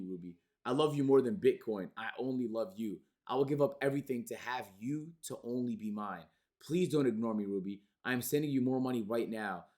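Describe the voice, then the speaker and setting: A man's voice: medium pitch, natural voice. A male streamer reading aloud, voicing a clingy, obsessed male superfan with pleading, overwrought delivery. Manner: pleading, overwrought, then shouting in anger.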